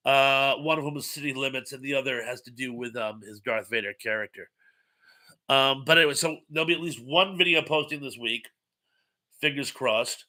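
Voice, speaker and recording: A man's voice: mid-range voice, normal speed, pushed and bright. A man hosting a casual live-stream chat, stuffed up with congestion, rambling and reading viewer comments aloud.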